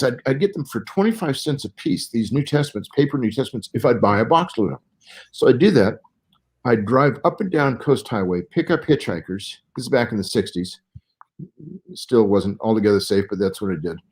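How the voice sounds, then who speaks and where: A man in his sixties from Southern California speaks a little fast, in an expressive, mid-range voice with a darkish tone. As a Bible scholar guest on an interview show, he explains matters carefully and in sequence, like someone giving a lecture.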